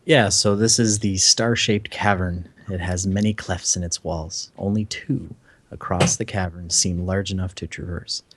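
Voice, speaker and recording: A man's voice: sits low, fairly even intonation, a little slow, fairly bright tone, slight background noise. A man narrating as dungeon master, describing the scene with fillers and self-corrections. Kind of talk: narrating a tabletop game.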